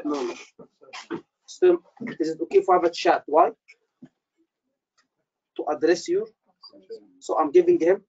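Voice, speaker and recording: A man tutoring doctors for an exam, quizzing his class with quick questions and repeating key phrases for emphasis. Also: high voice, creaky, a little mellow, husky, highs cut off. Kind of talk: live teaching session.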